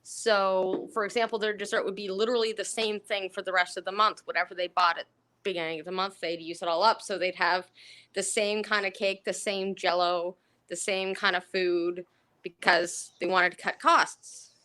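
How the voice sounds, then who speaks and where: A woman's voice: mid-range voice, normal speed. A woman, a former dietary aide, chatting casually and telling stories with frequent laughter. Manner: lively storyteller who laughs often. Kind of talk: casual chat.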